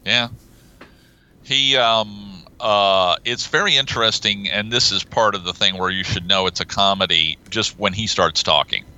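A man's voice: on the low side, a little slow, clean tone, dull audio. A man co-hosting a film podcast, chatting casually and acting out lines he quotes. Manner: animated, acts out quoted lines. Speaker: podcast co-host.

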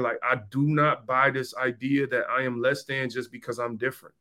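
A man's voice: medium pitch, level tone, normal speed, few pauses, bright, forceful tone. A man hosting a podcast, talking straight to listeners in an emphatic, slangy monologue and repeating points for stress. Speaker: podcast host. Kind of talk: conversational monologue.

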